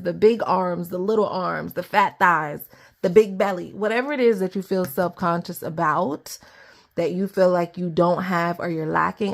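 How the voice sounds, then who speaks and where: A young adult woman giving a casual tarot reading to camera at her table, chatty and easily excited, laughing often. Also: medium pitch. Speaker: tarot reader.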